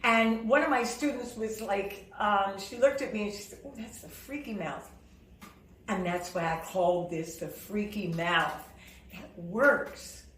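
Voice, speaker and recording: A woman vocal coach leads a singing lesson in a bright, higher voice, speaking slowly and with a lot of movement in her pitch. She often stops to demonstrate by singing and shouting. Her voice sounds a little distant from the mic, in a roomy space. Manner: lively, demonstrative, breaks into sung and shouted examples.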